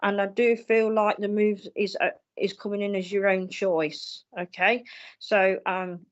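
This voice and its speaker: A woman's voice: mid-range voice, flat delivery, a little slow, lo-fi sound. A woman working as a psychic medium, giving readings on a live stream in a reassuring manner, calling people darling and lovely.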